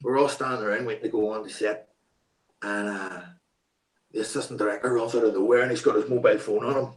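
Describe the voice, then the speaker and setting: A man's voice: on the low side, fast. A man as an interview guest, casually telling a story, swearing freely and filling his talk with "like" and "you know what I mean". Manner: swears freely, animated anecdote-telling with many fillers. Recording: roomy echo.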